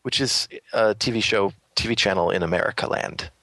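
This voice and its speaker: A man's voice: lowish voice, brisk, fairly bright tone, no room sound. A man co-hosting a podcast, chatting casually in a dry, teasing way. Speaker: podcast co-host. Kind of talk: casual chat.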